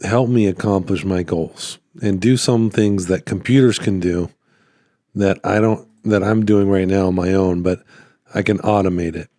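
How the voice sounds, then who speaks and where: Man, small-business vlog, mellow tone, rambling with fillers, slightly worn voice, phone at home. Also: sits low, moderate pace, no room sound, studio quality. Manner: rambling, relaxed, lots of fillers and restarts. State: losing his voice a little. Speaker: process server vlogging about his small business. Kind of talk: casual talking-head vlog. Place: at home by his computer.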